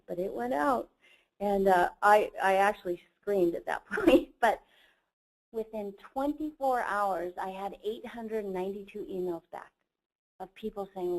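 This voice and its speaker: A woman speaks in a webinar, telling a personal story with earnest enthusiasm. Her voice is of middling pitch for a woman, and she talks like a presenter speaking to an audience she is trying to inspire. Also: normal speed, low-quality recording. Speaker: company CEO presenter.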